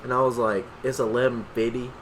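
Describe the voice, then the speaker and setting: A man's voice: medium pitch, level tone, fairly quick, slight background noise, poor audio. A young man co-hosting a podcast, telling loose, profane stories full of slang in a casual chat. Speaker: podcast co-host.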